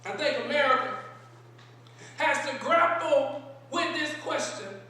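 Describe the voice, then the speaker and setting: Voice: sits high, lively intonation, a little slow, sharp tone, very echoey, a little hiss or hum. A preacher delivering a sermon in a large synagogue sanctuary, asking rhetorical questions and repeating key phrases, recorded from a distance.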